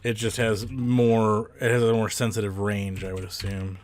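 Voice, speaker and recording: A man's voice: lowish voice, flat delivery, moderate pace, a little hiss or hum. A man hosting a casual podcast, rambling with fillers and the odd swear. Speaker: podcast host. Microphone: close headset mic.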